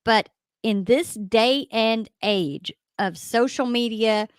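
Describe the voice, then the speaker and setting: A middle-aged woman, a ghost hunter guest telling an emphatic, animated story in a radio interview. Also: fairly high pitch, takes it slowly, clean tone, no echo.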